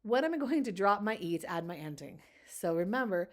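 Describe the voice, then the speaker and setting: An upbeat woman talks through a recorded phonics lecture. Her pitch sits in a medium range, and she keeps the delivery chatty. When she stumbles over a word, she laughs it off. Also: big pitch swings, brisk. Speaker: teacher trainer.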